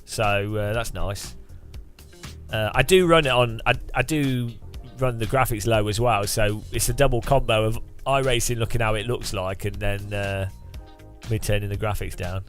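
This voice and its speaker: A British streamer chatting casually while sim racing, rambling and joking with lots of restarts. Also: male voice, lowish voice, steady tone, moderate pace, a bit bright, faint music behind. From United Kingdom. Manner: rambling and jokey, with frequent restarts.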